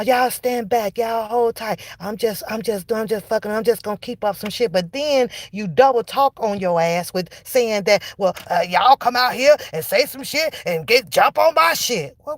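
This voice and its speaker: A woman's voice: a little high, dry recording. Profane, mocking woman ranting to camera. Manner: profane, mocking, heated and emphatic; drawls key phrases slowly for emphasis. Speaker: online commentator. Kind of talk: ranting reaction commentary.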